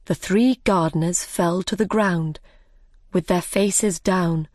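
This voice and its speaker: A woman narrating a simple storybook in a slow, careful, clear reading. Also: fairly low pitch, darkish tone, dry recording, studio quality.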